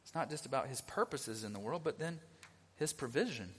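A man's voice: medium pitch, animated, fairly quick, husky. A middle-aged male pastor giving a conversational sermon, often asking the congregation questions. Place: church sanctuary. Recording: long reverb of a church hall.

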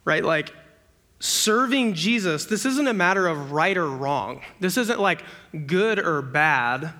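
A young man delivers a sermon in a casual, conversational way, checking in with his listeners through quick rhetorical questions. His voice is bright and forceful, sitting a little high, and it lifts into animated bursts when he acts out everyday scenes. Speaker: campus ministry preacher.

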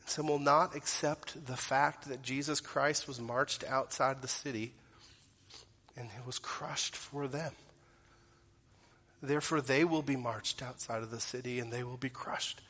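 A man's voice: mid-range voice, fairly even intonation, a little slow, sharp tone. Earnest male preacher in an echoing hall. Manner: earnest, direct questions to the congregation. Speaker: pastor. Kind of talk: sermon. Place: church sanctuary. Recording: long reverb of a large hall.

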